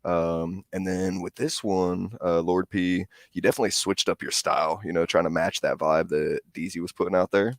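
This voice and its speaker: Male co-host, deep gravelly voice, loose and unhurried. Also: steady tone, no room sound, clean studio sound. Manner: laid-back, full of filler words. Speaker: co-host reviewing songs. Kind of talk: casual review chat.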